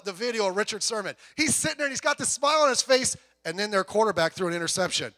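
A middle-aged man preaching a sermon as pastor, telling stories with big swings from quiet asides to shouting, often stammering and repeating words. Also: high-pitched, lively intonation, fast, few pauses.

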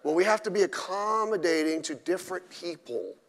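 A man's voice: high voice, expressive, fairly quick. A male pastor preaching a sermon at a midweek service, blunt and emphatic with mocking asides. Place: church during a midweek service. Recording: echoey church hall.

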